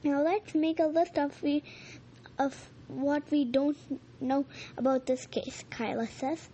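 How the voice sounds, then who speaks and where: Slow, high-voiced woman reading a storybook. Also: fairly even intonation, dark tone, slight background noise. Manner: halting reading with slips and rereads. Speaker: reader. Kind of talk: reading a children's storybook aloud.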